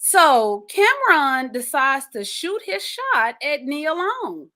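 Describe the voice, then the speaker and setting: A woman's voice: high-pitched, slow. A woman hosting a podcast in casual solo chat, talking animatedly and directly to her listeners and repeating words for emphasis. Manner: animated and chatty, addresses listeners directly, repeats words when stressing a point. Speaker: podcast host.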